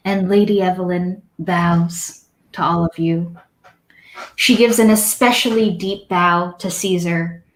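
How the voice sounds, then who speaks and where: A woman narrating as dungeon master in a tabletop game, with an unhurried, easily amused manner. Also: lowish voice, reverberant, rough recording.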